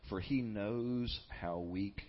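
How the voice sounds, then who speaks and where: A pastor preaches a sermon in an earnest, emphatic manner, using dramatic pauses. His voice sits on the low side, and the highs are cut off.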